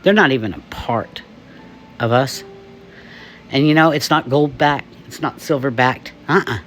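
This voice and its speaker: A man's voice: medium pitch, measured pace, fairly bright tone, slight background noise. A man from the United States ranting emphatically to camera, laughing often. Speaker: vlogger. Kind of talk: opinion rant to camera.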